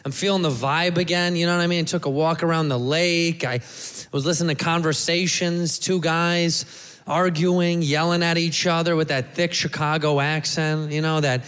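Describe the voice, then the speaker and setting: A man doing a stand-up comedy set, brash and prone to loud acted-out bits. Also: on the high side, steady tone, moderate pace. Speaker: stand-up comic. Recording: long hall reverb.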